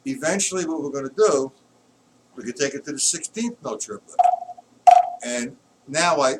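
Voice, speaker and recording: A man teaching drums in a live-streamed lesson, explaining patterns patiently and counting beats aloud loudly while he plays. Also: on the high side, lively intonation, normal speed, long pauses, heavy background noise. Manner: explains patiently, checks if students follow. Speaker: drum teacher. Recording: distant mic with loud drumming.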